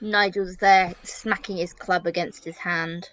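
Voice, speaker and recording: A woman's voice: on the low side, fairly even intonation, a little slow, fairly bright tone, low-quality recording. A woman playing a tabletop game, telling a casual story in an amused way. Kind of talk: casual chat.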